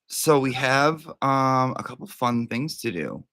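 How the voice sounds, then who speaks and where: A man's voice: mid-range voice, animated, a little slow, pushed and bright, dry recording. A man hosting a casual livestream, chatty and profane, breaking off to talk to his dog. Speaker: livestream host.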